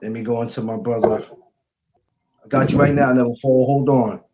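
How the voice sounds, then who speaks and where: A man's voice: medium pitch, steady tone, a little fast, mellow, lo-fi sound, slight background noise. Chill guy hosting a live podcast, middle voice, laughs a lot. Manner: easygoing, laughs a lot, greets viewers. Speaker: podcast host. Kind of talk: casual livestream chat.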